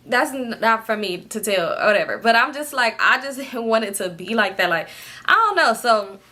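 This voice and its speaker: A young woman telling a personal story in casual chat, animated, acting out what people said and laughing often. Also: normal speed. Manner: animated, acts out quotes with pitch jumps, laughs often. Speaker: storytime vlogger.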